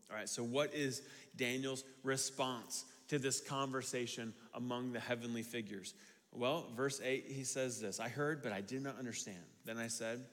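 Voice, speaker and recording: A man pastor giving a conversational sermon, repeating phrases as he works through a passage. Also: mid-range voice. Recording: reverberant hall.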